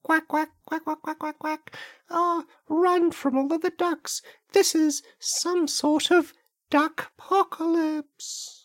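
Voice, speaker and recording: A man voicing a panicked person fleeing a swarm of ducks, shrieking in a frantic high falsetto. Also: completely flat delivery, normal speed, fairly bright tone, no room sound, studio quality.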